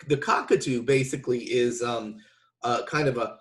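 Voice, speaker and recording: A man's voice: medium pitch, normal speed, fairly bright tone. A man giving a casual video lesson, explaining with loose restarts between demonstrations. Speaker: didgeridoo teacher.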